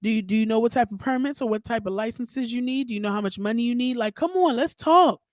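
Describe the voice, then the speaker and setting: A woman hosting her own podcast, ranting in a casual, profane, animated way straight to her listeners. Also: on the high side, quick pace, dry recording, studio quality. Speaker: podcast host. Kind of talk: casual solo podcast rant.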